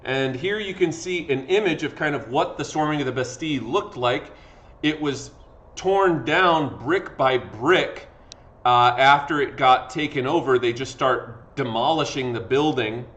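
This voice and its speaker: A man's voice: mid-range voice, moderate pace, fairly bright tone. Tired man teaching history. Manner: conversational, acts out quotes with fillers. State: tired from talking. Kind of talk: classroom lecture.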